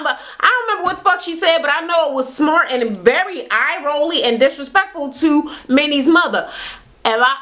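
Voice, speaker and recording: A woman with a fairly high voice rattles through a reality TV recap in casual, slangy talk. She is blunt, opinionated and swears freely, as if chatting with friends. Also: a little fast. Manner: animated retelling, acts out quotes; slangy, conversational.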